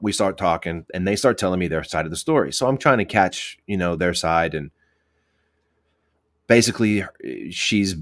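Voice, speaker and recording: A police officer telling a work story in a rambling, profane way, with many restarts. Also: male voice, deep voice. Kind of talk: casual podcast storytelling.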